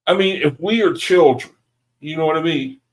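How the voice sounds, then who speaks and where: A man leading a Bible study group, reading scripture aloud and commenting on it in an excitable way, often laughing and calling the group brethren. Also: fairly high pitch, normal speed, low-quality recording.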